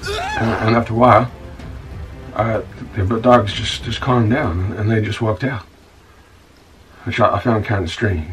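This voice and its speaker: A man plays a rough, self-pitying scoundrel who runs a bar, stumbling over his words as he complains. His voice sits low and is heard from a little way off the mic, with a faint music bed under it. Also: a little slow, long pauses, recorded from a distance, lightly acted, low-quality recording. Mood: aggrieved. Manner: stammering, repeats words, calls the listener "son". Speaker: bar owner recounting his troubles. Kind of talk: monologue in a comedy-drama web series.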